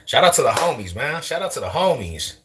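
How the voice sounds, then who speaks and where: Speaking to camera on the street, a young man from Denver, USA, vlogs in an East Side Denver accent. His talk is slangy, loose, and animated, broken up by frequent laughs. He has a medium-pitched voice, goes a little fast, and there is slight background noise.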